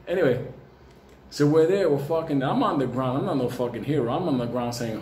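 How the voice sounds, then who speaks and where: A man tells a comic story in a profane, animated way, laughing often. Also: medium pitch, fairly quick, a little hiss or hum. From New York. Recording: roomy with faint ambience.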